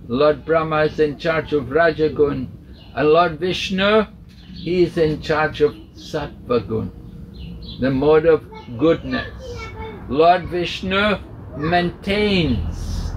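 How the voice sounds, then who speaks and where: Slow-spoken male swami telling a sacred story. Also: fairly high pitch, highs cut off, slight background noise. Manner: slow, repetitive, patient storytelling. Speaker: swami, spiritual teacher. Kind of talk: storytelling sermon. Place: home gathering indoors.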